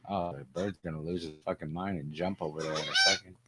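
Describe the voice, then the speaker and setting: A man's voice: sits low, fairly even intonation, quick pace, sharp tone. A man co-hosting a casual podcast, joking in a dry, wry way and swearing offhandedly. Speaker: podcast co-host. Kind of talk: casual chat.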